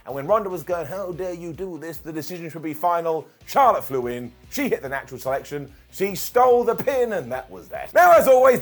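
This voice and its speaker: A man from the UK giving jokey, scripted commentary with lots of asides. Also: a little high. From United Kingdom. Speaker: wrestling commentator.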